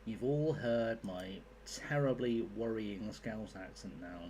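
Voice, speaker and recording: A man's voice: lowish voice, slow pace, warm tone, slight background noise. A young man streaming a game, chatting casually with his viewers, rambling, joking and swearing freely. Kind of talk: casual live-stream chat.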